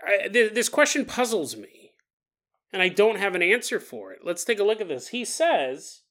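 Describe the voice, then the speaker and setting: A man telling a paranormal story on his podcast, his voice swinging freely up and down in pitch. The tone is bright and forward, and he breaks into laughter mid-sentence as he talks. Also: big pitch swings, moderate pace. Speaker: podcast host.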